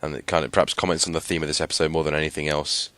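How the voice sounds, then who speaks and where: A man's voice: rumbling low, flat delivery, rapid-fire, fairly bright tone, dry recording. A young man co-hosting a casual TV recap podcast, chatty, with frequent fillers and laughs. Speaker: podcast co-host.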